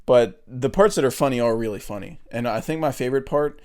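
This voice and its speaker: A man's voice: mid-range voice, fairly quick, darkish tone. A young man chatting loosely on a movie podcast, with lots of swearing and filler words. He breaks into laughter while retelling scenes and keeps an easygoing, rambling flow. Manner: loose and profane, laughs often at his own retellings. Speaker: podcast co-host. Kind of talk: casual chat.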